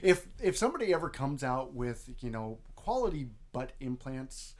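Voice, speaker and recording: A man's voice: medium pitch, very animated, normal speed, a little mellow. A man co-hosting a web show about clowns, chatting casually with dry, wry, self-mocking humor. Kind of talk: casual banter.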